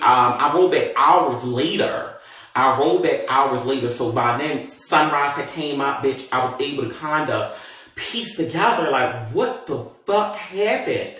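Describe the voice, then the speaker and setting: A man vlogging from a car, retelling a story in a dramatic, profane, animated way. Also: mid-range voice. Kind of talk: casual storytelling. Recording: echoey and distant from the mic, faint noise.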